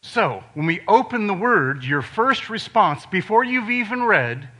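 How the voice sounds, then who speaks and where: An older man from Ohio preaching a sermon in a conversational way, dropping suddenly to quiet emphasis on key words. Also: high-pitched, big pitch swings, measured pace. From Ohio, USA.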